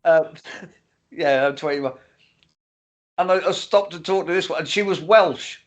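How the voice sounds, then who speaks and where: Casual male co-host, slightly high voice, blunt and profane. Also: a little slow, muffled recording. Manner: blunt, swearing interjections. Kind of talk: casual chat.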